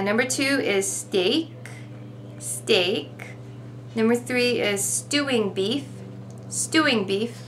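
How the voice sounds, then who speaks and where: A woman teaching vocabulary at a very slow, deliberate pace, repeating each word and asking "okay?" as she goes. Her voice is bright and slightly high. A faint hum runs underneath. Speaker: ESL teacher.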